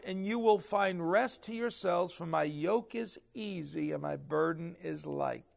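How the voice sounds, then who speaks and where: A man preaching a sermon, swinging between loud emphasis and hushed asides. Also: a little high, measured pace, creaky, few pauses. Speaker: pastor.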